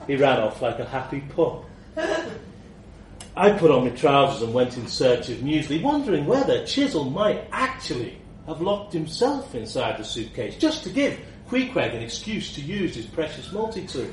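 Male narrator, slow and wry, wide-ranging delivery; roomy, distant sound with faint hiss. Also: medium pitch, big pitch swings. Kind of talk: first-person story reading.

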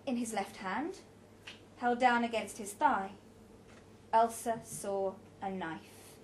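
A woman's voice: on the high side, slow pace, slight background noise. A woman reading a story aloud with a dramatic, varied delivery.

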